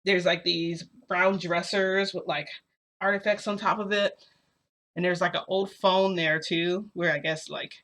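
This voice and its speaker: A young woman with a bright, forward voice spins a casual first-person story for her viewers. Her talk is loose and chatty, full of "like" and "you know," and she keeps turning to speak straight to the audience. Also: fairly low pitch, fairly even intonation, a little slow. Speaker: storytime vlogger.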